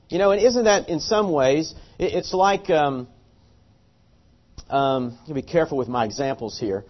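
A man's voice: on the high side, expressive, normal speed. A man preaching a sermon, telling a story earnestly and animatedly, often restarting his words. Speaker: pastor. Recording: dull lo-fi sermon recording.

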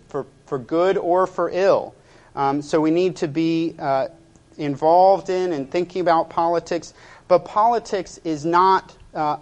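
Halting male pastor preaching. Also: fairly high pitch. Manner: hesitant, many "uh" fillers, measured delivery. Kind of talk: sermon.

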